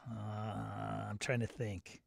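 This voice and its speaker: A man's voice: on the low side, completely flat delivery, takes it slowly, vocal fry, dry recording. Chatty man hosting a casual livestream. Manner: chatty, laughs often, reads out viewer comments. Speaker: host.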